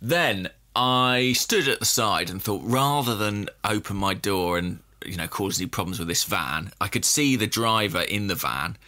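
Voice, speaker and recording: A low-pitched man with a bright, forceful edge tells a rambling, self-mocking story about his own mishap. He talks in casual podcast chat and laughs along at his own bad luck. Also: lively intonation, moderate pace, hardly any pauses. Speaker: podcast co-host.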